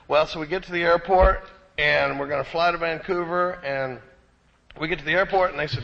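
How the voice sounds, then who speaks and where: A man from Austin with a Texan accent, telling an animated, self-deprecating recovery story to a conference crowd. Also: a little high, brisk, vocal fry. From Austin, Texas. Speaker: recovery speaker. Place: conference hall. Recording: dull echoey hall recording.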